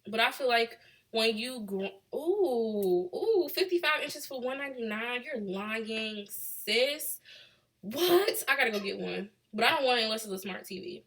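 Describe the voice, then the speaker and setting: A woman's voice: on the high side, expressive, unhurried, fairly bright tone. A woman in her late twenties with a Chicago accent, chatting casually with viewers on a livestream and answering their comments. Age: late 20s. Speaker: livestream host. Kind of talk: casual live chat with viewers.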